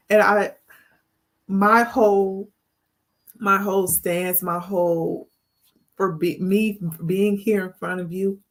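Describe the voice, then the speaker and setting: A woman hosting a heartfelt spiritual talk as a life coach, speaking to the camera in an earnest, emotional way and often repeating her words. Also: fairly low pitch. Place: indoors, on camera.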